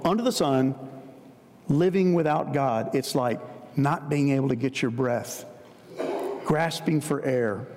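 A man delivering a sermon in a fairly high voice for a man. He speaks earnestly and stacks up short, emphatic repeated phrases. His voice rings with the long reverb of a large hall. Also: a little mellow. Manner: earnest, repetitive emphatic phrasing, addresses listeners as guys. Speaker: preacher.

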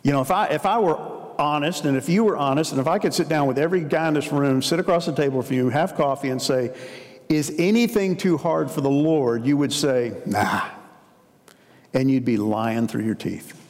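A man's voice: fairly high pitch, a little fast, darkish tone. A man preaching a sermon as a pastor, telling stories in a conversational way. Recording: long hall reverb.

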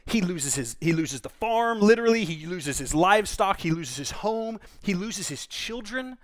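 A man's voice: high-pitched, expressive, normal speed. A man, a pastor, preaching a conversational sermon in an earnest, informal way, often restarting and repeating words.

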